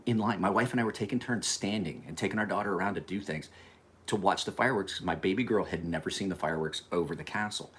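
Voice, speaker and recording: Male livestream host, slightly low voice, casual, profane storyteller who talks back to his chat. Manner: loose, profane, rambling anecdotes; chats to viewers by name.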